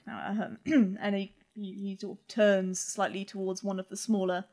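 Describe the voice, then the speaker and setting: A woman's voice: mid-range voice, level tone, normal speed, mellow. A woman narrating as game master in a tabletop game, casual and hesitant. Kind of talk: tabletop role-play narration.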